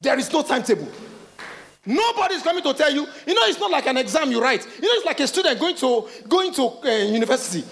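A middle-aged man with a Nigerian accent, preaching a lively sermon and acting out voices of the people he quotes. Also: very high-pitched, fast talker. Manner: animated preaching, acts out quoted voices, laughs, calls out. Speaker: pastor.

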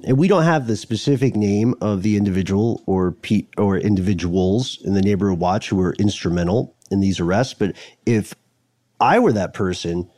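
A man's voice: lowish voice, warm tone, no room sound, clean studio sound. A man co-hosting a podcast, telling a story in a casual, jokey way and slipping into mock voices. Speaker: podcast co-host.

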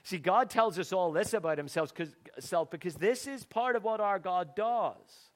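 A man's voice: high voice, expressive, moderate pace. A middle-aged man preaching a sermon in an earnest, conversational way, with sudden emphatic bursts.

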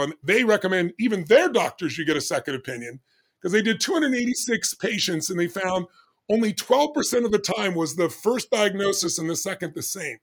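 A man in his sixties telling a personal story in an interview, animated and acting out the dialogue he recalls. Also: high-pitched. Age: 60s. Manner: animated, acts out dialogue with doctors. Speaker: interview guest.

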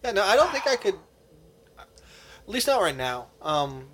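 Bright-voiced young man, rambling. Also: high voice, big pitch swings, normal speed, slight background noise. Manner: earnest, rambling, filler-heavy. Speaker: podcast co-host. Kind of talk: casual chat.

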